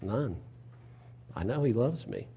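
Man, pastor, sermon, husky, mellow dark tone, rhetorical questions. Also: medium pitch, lively intonation, slow pace. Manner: conversational preaching, rhetorical questions, swings between soft and loud.

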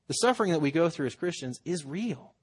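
Pastor, male, slightly high voice, earnest conversational sermon delivery. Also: lively intonation, brisk, a little mellow, slightly rough. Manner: earnest, conversational preaching with acted-out quotes.

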